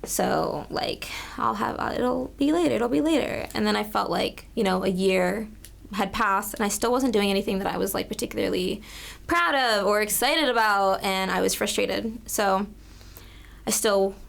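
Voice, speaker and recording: A woman's voice: medium pitch, moderate pace, vocal fry, a bit bright. A young woman being interviewed in casual chat, bubbly and emotional, her stories full of "like" and quoted asides. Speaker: interview guest, makeup artist.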